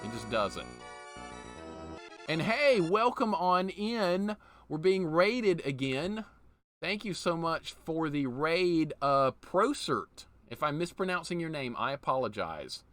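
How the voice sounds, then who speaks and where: A man's voice: on the high side, big pitch swings, slow pace, a bit bright, no room sound. A man from Alabama, chatting casually with viewers while streaming a game, reading chat aloud and laughing often. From Alabama, USA. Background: game music.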